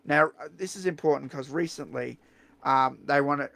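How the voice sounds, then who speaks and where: Blunt, gravelly Australian man. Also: fairly high pitch, normal speed, no room sound. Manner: blunt, profane, animated storytelling. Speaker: streamer host. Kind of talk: casual storytelling chat.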